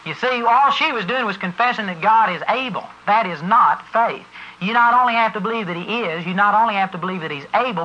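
A preacher giving an emphatic sermon to a congregation that answers back, driving points home and spelling words out for stress. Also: medium pitch. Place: church service before a congregation. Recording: dull lo-fi recording.

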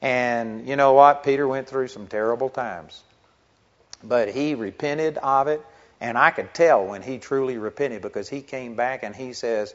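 A man's voice: mid-range voice, normal speed. A middle-aged man, a pastor, preaching a sermon in an earnest, conversational way that builds into emphatic stretches. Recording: dull lo-fi recording.

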